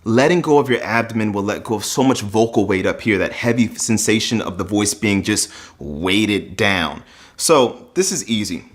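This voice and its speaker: A man's voice: fairly low pitch, expressive, normal speed. A man teaching a voice lesson in an earnest, instructive way. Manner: earnest instructive delivery, breaks into sung demos. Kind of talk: explanatory vocal lesson.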